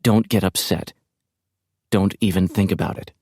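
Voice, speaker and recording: Brief: a terrified young woman's diary voice, read plainly by a deep-voiced man, dry and close. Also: husky, no echo. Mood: desperate. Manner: low, slow, even reading. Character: frightened young woman writing a desperate diary. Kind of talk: audiobook narration.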